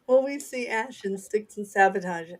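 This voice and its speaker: A middle-aged woman with a Southern accent, co-hosting a casual chat and laughing often. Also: a little high. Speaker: author and co-host.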